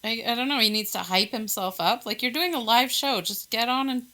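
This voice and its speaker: Animated bright-voiced woman chatting. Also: a little high, fairly quick. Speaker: podcast co-host. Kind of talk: casual chat.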